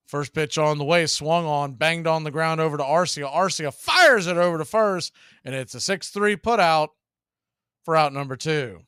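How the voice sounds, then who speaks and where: A man calling live baseball play-by-play as the show's host, building excitement on big plays. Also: on the high side, normal speed, smooth, no echo, studio quality. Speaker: play-by-play announcer.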